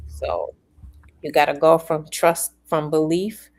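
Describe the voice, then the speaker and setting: A woman's voice: low voice, fairly even intonation, takes it slowly, a little mellow. A woman co-hosting a devotional chat, reading verses aloud and stressing key words with emphasis. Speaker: co-host.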